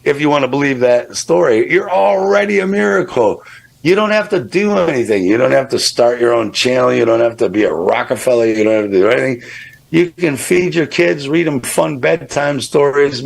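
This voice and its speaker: Gravelly-voiced male guest, casual and emphatic, swears a lot, mid-range pitch. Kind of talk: casual radio chat.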